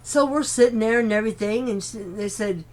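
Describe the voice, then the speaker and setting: A woman's voice: fairly high pitch, fairly quick, darkish tone. A woman from Chicago telling a personal story in a casual, rambling way, with chatty asides like "okay?" and frequent restarts. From Chicago, USA.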